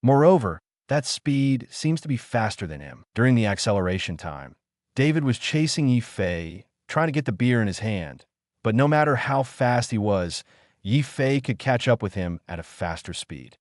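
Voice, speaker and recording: A man reading an audiobook in a steady scripted narration, lifting his voice slightly for quoted lines. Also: mid-range voice, normal speed, dry recording, studio quality.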